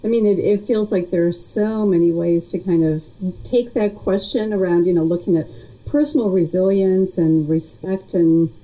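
A woman's voice: fairly low pitch, moderate pace, mellow, poor audio. A woman being interviewed as a guest, cheerful and thoughtful, laughing often. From United States. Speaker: guest, industry vice president. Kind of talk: casual interview chat.

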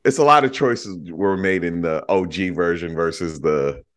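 Excitable man chatting about a film. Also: low-pitched, moderate pace. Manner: excitable, casual, swears. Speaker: podcast co-host. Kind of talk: casual film discussion.

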